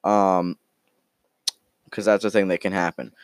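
Slow, rambling male podcast host. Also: sits low, steady tone, clean tone. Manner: rambling, joking, halting. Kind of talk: casual improvised storytelling.

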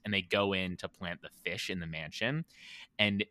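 A man's voice: low-pitched, moderate pace, sharp tone. A man co-hosting a podcast, chatting casually and enthusiastically retelling movie scenes. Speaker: podcast co-host. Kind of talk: casual chat.

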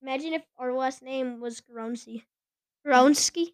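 A woman's voice: high voice, measured pace, fairly bright tone, no room sound, clean studio sound. A woman hosting a casual podcast, chatting and giggling as she stumbles over names. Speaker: podcast host. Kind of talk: casual sports chat.

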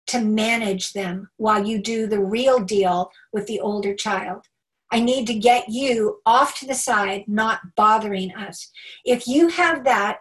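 A woman giving a live talk to parents, animated and emphatic, acting out little quoted remarks. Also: a little high, distant mic, poor audio. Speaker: homeschool workshop speaker.

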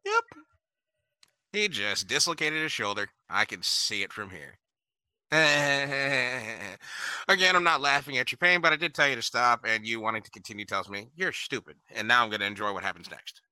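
Bright, profane man telling stories. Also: medium pitch, moderate pace, no room sound. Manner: profane, animated storyteller doing voices. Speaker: podcast co-host. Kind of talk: casual storytelling chat.

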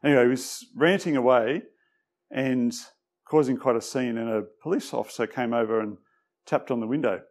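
Aussie male pastor, chatty and hesitant, mid pitch, drops quiet sometimes. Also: moderate pace. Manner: relaxed, hesitant, many fillers; tends to drop quiet. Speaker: preacher. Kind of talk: conversational sermon. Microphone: microphone.

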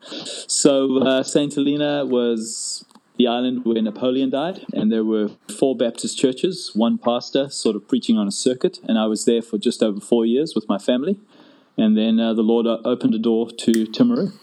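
A man in his forties from South Africa with a South African accent, chatting casually as a pastor guest on a podcast, relaxed and chummy. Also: medium pitch, moderate pace, rough recording. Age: 40s. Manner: relaxed, chummy, says "eh" and "bro". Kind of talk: casual chat.

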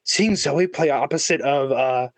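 A man co-hosting a casual podcast chat, talking in halting bursts with many restarts and fillers. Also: on the high side, no room sound. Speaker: podcast co-host. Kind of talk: casual chat about movie casting.

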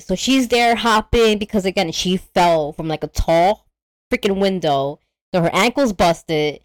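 A woman co-hosting a podcast, recapping a horror movie in an animated, profane way and acting out the characters' lines. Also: lowish voice, brisk, no room sound. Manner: animated storyteller, acts out characters, swears freely. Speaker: podcast co-host. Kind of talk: casual movie recap chat.

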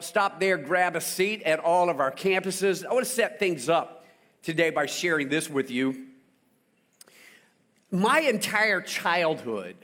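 High-voiced animated male preacher. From South Carolina, US. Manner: animated storytelling with call-and-response. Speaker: pastor. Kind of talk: sermon. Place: church.

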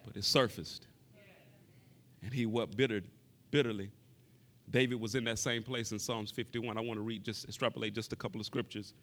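Addressing his congregation head-on, a preacher with a lowish, fairly even voice talks a little fast but leaves long pauses. He repeats words for emphasis, alternating between quiet stretches and raised, impassioned moments.

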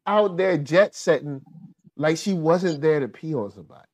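A woman's voice: sits low, lively intonation, normal speed, a little mellow. A woman co-hosting a podcast in casual chat, giggly and playful with slang. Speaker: podcast co-host.

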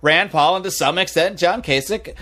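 Podcast host guy, slightly high voice, candid and a bit self-mocking. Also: moderate pace, bright, forceful tone. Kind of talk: casual political chat.

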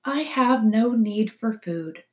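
Lady reading as a calm polite robot, careful even delivery, kids' story. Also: a little high, pitched above the performer's own voice. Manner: measured and even.

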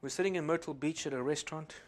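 A man from Africa preaching a sermon as pastor. He swings between loud exhortation and quiet asides and keeps saying amen and glory to God. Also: fairly high pitch, fast talker, very noisy.

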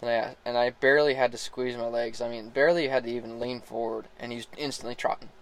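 A relaxed man spins a casual story about working a young horse. His voice sits at an ordinary middle pitch, and he chuckles now and then and trips over his own sentences. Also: quick pace, low-quality recording. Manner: relaxed, laughs often, restarts sentences. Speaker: horse rider starting a young colt.

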